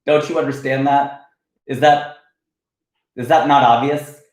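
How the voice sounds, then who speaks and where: Guy ranting on his livestream, heated and fast, reads chat and argues back, roomy echo. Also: medium pitch. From United States, Ohio. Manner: animated, argumentative, reads and answers chat comments. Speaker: comedian livestream host. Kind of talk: casual livestream rant.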